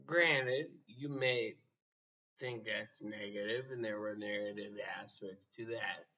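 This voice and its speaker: A man's voice: on the low side, takes it slowly, bright, forceful tone, recorded from a distance, highs cut off. A man giving a blunt, profane motivational rant, sounding exasperated. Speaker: motivational speaker.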